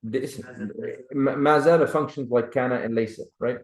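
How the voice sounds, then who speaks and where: This man, an Arabic teacher, has a mid-range voice and speaks at normal speed during a classroom grammar lesson. Patient with his students, he repeatedly checks understanding with "right?" and "clear?". The room echoes and the recording is rough.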